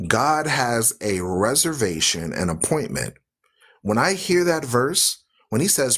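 A man hosting a radio talk show who preaches loudly and emphatically, asking listeners "right?" and driving points home with rhythmic repetition. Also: medium pitch, husky. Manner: asks listeners questions with "right?".

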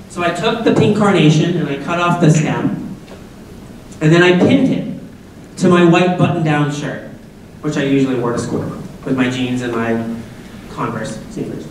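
A man's voice: a little high, slight background noise. A middle-aged man from Massachusetts gives a conversational personal story at a school assembly, asking the audience questions and making jokey asides. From Massachusetts, USA. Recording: very echoey hall, voice from far off.

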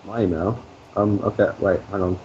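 A man's voice: low voice, fairly even intonation, normal speed, warm tone. A young man co-hosting a gaming video, laid-back and teasing. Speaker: gamer co-host. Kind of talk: casual gaming chat. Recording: dull lo-fi with faint noise.

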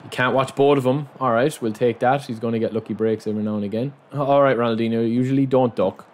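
A man's voice: mid-range voice, steady tone, fast talker. Frustrated man narrating his gameplay. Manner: frustrated, muttering self-talk that bursts into loud outcries at the game. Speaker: gaming channel host. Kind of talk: live commentary over his own football video game.

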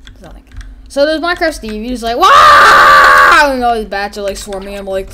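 A woman giving casual, rambling gameplay commentary as a YouTuber, excitable and quick to act out characters and sound effects. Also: medium pitch, shouting, heavy background noise. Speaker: gaming YouTuber.

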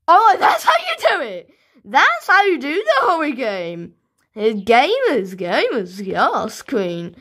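A British woman giving rambling, excitable let's-play commentary as a gaming YouTuber, talking to her viewers. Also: high voice, takes it slowly.

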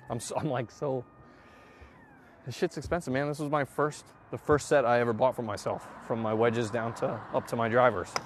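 A man chatting casually to viewers while hitting golf balls, excitable and self-mocking, swearing often and breaking into loud outbursts. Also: medium pitch, normal speed, background noise. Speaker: golf vlogger. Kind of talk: casual range-session chat to viewers.

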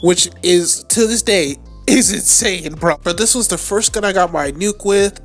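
A man giving live gameplay commentary at home late at night, trash-talking opponents and swearing a lot, with sudden high-pitched yells. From United States. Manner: excitable trash talk with frequent swearing. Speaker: gaming channel host.

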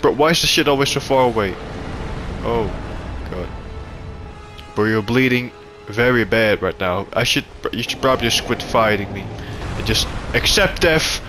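A man giving profane gameplay commentary, taunting enemies and shouting in frustration. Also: mid-range voice, moderate pace, over music. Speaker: gaming YouTuber.

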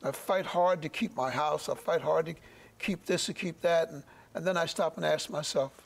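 A middle-aged man giving an earnest, halting church testimony in an interview, often repeating words as he searches for them. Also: a little high, gravelly.

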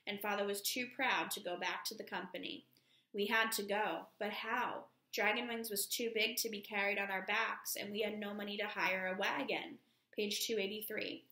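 Gravelly woman reading a novel aloud. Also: medium pitch, normal speed, echoey room. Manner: steady reading, announces page numbers. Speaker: teacher.

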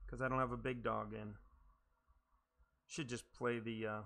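A man streaming live gameplay, talking through each move at an unhurried pace. His voice is bright and forceful. He reacts aloud, curses when a shot goes wrong, mocks himself and answers his viewers. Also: mid-range voice, level tone, gravelly. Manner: reacts aloud to his own shots, frustrated and self-mocking, swears, chats to viewers.

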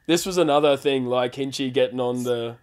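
A man's voice: mid-range voice, steady tone, fairly quick, smooth. A young Australian man telling wild road-trip stories in casual chat, swearing and laughing as he goes. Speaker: podcast host.

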